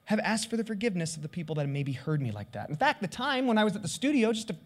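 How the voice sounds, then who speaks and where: A man's voice: sits high, big pitch swings, fast. A middle-aged man who pastors a church, preaching a candid, confessional sermon and voicing his own prayers as he goes.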